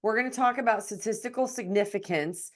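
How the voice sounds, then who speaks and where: A woman's voice: a little high, a little fast. Woman host checking the facts of a story. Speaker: podcast host. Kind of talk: interview hosting.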